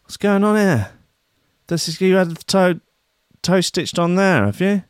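A man's voice: high-pitched, lively intonation, a little slow, smooth, no room sound, clean studio sound. A man hosting a comedic news commentary, reading stories aloud with sarcastic, crude, rambling asides. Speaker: host.

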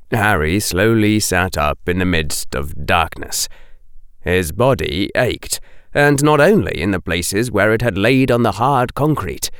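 A male narrator reading an audiobook at an unhurried pace. His storytelling is expressive, with lively pitch movement. The recording is dry and close. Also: clear, resonant tone, no room sound. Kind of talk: scripted narration.

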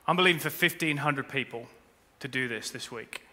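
A man preaching a sermon as pastor, animated, jumping between quiet asides and shouted appeals, with humorous asides. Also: medium pitch, fairly quick. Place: large church hall. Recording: long reverb of a church hall.

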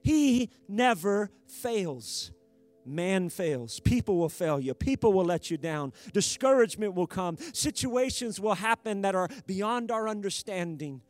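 A man preaching a sermon, emphatic and building to loud exhortation. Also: high voice.

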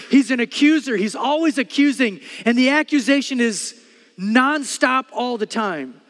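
High-voiced middle-aged pastor in a hall. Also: male voice, moderate pace. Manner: animated storytelling, swings between loud bursts and quiet earnest stretches. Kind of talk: sermon.

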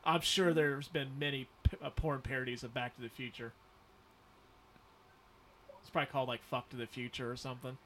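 A man's voice: mid-range voice, steady tone, brisk, pauses often, a bit bright, a little hiss or hum. A man co-hosting a casual movie watch-along, rambling and joking with swearing. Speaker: podcast co-host.

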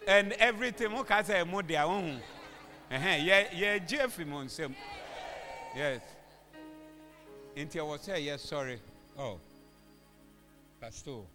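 Ghanaian male preacher, high and very bright, preaching in a reverberant hall with music playing underneath. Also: lively intonation, measured pace, pauses often. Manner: switches languages, call-and-response, rising to shouted exhortation. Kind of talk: convention sermon. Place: large church hall. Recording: echoey hall with music behind.

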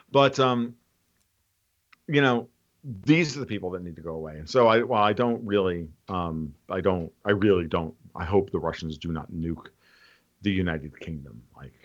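A man in casual opinionated chat, rambling and animated, restarting often. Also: low-pitched, moderate pace, dull audio.

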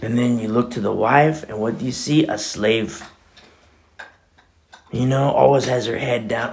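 Man, pastor, sermon, chatty animated delivery, mid-pitched voice. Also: a little slow, vocal fry, pauses often, slight background noise. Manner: conversational, animated preaching with many asides.

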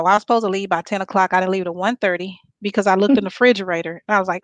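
A woman's voice: medium pitch, fairly even intonation, quick pace, hardly any pauses, a bit bright, dry recording. A woman in her forties from Texas, telling a personal story in casual chat as a guest, laughing often.

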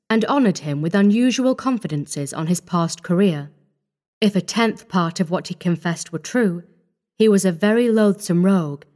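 Woman, audiobook narrator, measured storytelling, middle pitch, close mic. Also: a little mellow. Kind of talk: scripted narration.

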